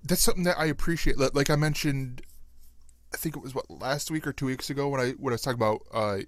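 A male podcast host in loose, casual chat, rambling and quick to laugh. His voice sits at a middle pitch. The recording is dry and close. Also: no echo.

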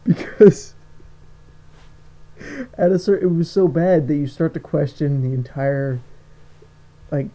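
A man's voice: on the high side, takes it slowly, long pauses, warm tone. A man co-hosting a casual movie review chat, rambling with stumbling restarts and frequent laughter. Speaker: podcast co-host.

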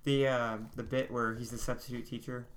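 A man's voice: mid-range voice, flat delivery, a little fast, over a noisy crowd. A man co-hosting a casual podcast, telling rambling stories full of fillers and restarts. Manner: rambling, filler-heavy storytelling. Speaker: podcast co-host. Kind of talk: casual chat.

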